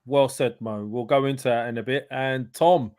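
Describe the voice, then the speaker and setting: A man's voice: mid-range voice, steady tone, moderate pace, darkish tone, clear, resonant tone, no echo, clean studio sound. A man, hosting a casual online football show over a video call, loose and chatty. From England. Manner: chatty, loose, laughs at own slips. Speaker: podcast host.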